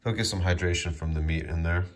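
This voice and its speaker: A man with a low voice and fairly even intonation talks fast as he films a casual vlog at home by a sliding door. He coaxes his cats in baby talk and often drops to a whisper.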